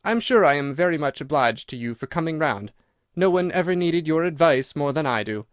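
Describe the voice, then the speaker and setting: A man's voice: a little high, animated, a little fast, dry recording, clean studio sound, lightly acted. A man voicing a nervous, fat older man with a reedy, quivering voice in an audiobook. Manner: jittery, pleading.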